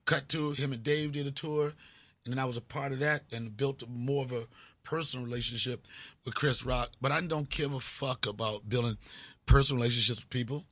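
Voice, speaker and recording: A man in his fifties from Washington, D.C., telling stories as a comedy guest in an animated, profane way. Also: mid-range voice, a little fast, no room sound. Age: 50s. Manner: animated, profane, acts out scenes. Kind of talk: casual storytelling interview.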